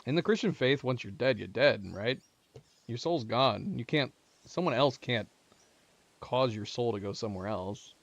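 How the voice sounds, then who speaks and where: A man's voice: mid-range voice, expressive, normal speed, dry recording, dull audio. A man hosting a let's play, musing aloud about the game in a casual, chatty way. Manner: chatty, musing, chuckles often. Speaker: gaming channel host.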